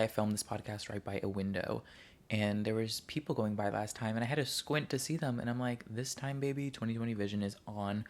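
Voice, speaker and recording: Sitting on his living room couch at home, a podcast host with a gravelly, fairly low voice rambles through a casual solo chat. He's chatty and gets sidetracked easily.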